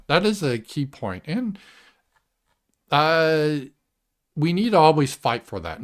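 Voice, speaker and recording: A man hosts a live political commentary show, speaking casually and animatedly with a smooth voice. He swears and mimics voices in a shrill tone.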